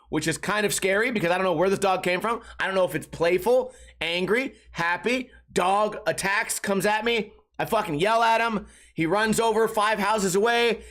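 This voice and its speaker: High-voiced man ranting profanely. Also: fairly bright tone. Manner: profane, exasperated, emphatic. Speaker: podcast host. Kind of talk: casual storytelling rant.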